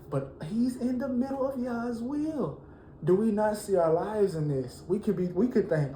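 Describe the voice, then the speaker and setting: A man teaching a Bible lesson, reading verses slowly and then preaching with rising fervor. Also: high voice, animated, dark tone, roomy sound, slight background noise, low-quality recording.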